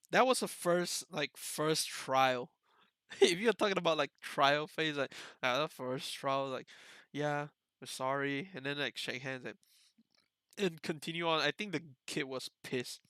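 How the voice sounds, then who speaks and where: Bright, crisp young man telling stories. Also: mid-range voice, dry recording. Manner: rambling, many "like" fillers, laughs often. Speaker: podcast host. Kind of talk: casual storytelling chat.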